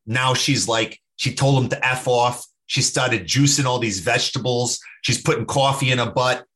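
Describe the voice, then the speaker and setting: A man voicing a brash young male party DJ with a put-on Boston accent, talking excitedly. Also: medium pitch, moderate pace, lightly acted.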